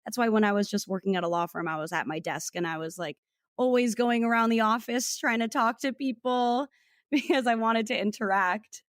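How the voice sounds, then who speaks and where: A woman's voice: fairly high pitch, normal speed, dry recording, studio quality. A young woman from New Jersey, a food content creator talking as a podcast guest in a bubbly way, often laughing as she speaks. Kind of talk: casual interview chat.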